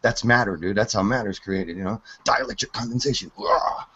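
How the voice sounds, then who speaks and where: A man's voice: lowish voice, fast talker, a bit bright, husky. Forty-ish guy rambling and cussing about ether and matter, muffled lo-fi audio. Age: 40s. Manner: rambling, profane, laughs a lot. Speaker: hangout participant. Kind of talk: casual rambling chat.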